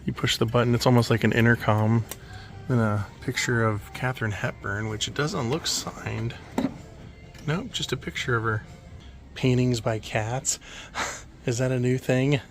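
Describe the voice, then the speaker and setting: A man vlogging as he walks through an indoor antique mall, making relaxed offhand remarks and chuckling at the finds. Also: medium pitch, a little slow, faint music behind. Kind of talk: casual walkthrough commentary.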